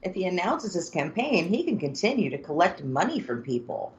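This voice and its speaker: Woman, casual political chat, low pitch, blunt, swearing, lo-fi. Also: big pitch swings, brisk. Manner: blunt, exasperated, swears freely. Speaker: podcast co-host. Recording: dull lo-fi sound.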